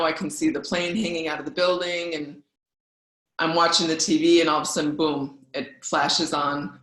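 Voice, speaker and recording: A guest speaker from Wisconsin in the US Midwest tells her personal story in a low, slightly bright voice. She's candid and conversational, using fillers as she goes, and the room gives the recording a noticeable echo.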